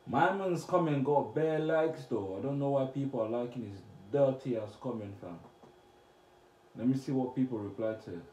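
A young man from Cameroon, chatting casually as he reacts to comments on his vlog, blunt and slangy with sudden loud outbursts. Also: mid-range voice, moderate pace. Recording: echoey room with faint noise.

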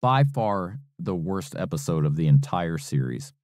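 A man's voice: sits low, big pitch swings, unhurried, darkish tone, no room sound, clean studio sound. A laid-back man co-hosting a podcast, answering trivia and swearing freely. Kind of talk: casual banter.

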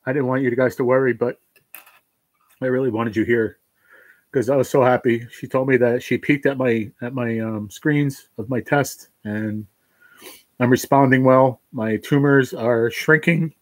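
A man talking to his livestream viewers, halting and emotional, choked up with tears of joy. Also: medium pitch, steady tone, dry recording, rough recording. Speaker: livestream host.

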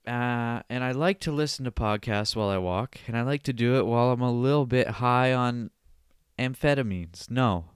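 Man, young adult, from Canada, podcast host, rambling, jokey, swearing, smooth voice, dry close mic. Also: mid-range voice, normal speed, no echo. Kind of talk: casual solo podcast rant.

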